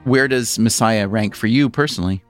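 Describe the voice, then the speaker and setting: A man's voice: lowish voice, moderate pace, faint music behind. A man hosting a radio interview, asking curious, conversational questions into a studio microphone. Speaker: podcast host.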